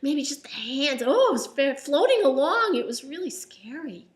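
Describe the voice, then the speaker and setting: A woman's voice: moderate pace, roomy sound. A woman doing a scared, jumpy little boy. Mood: frightened. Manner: high, breathless, excited. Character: frightened young boy, excitable and jumpy.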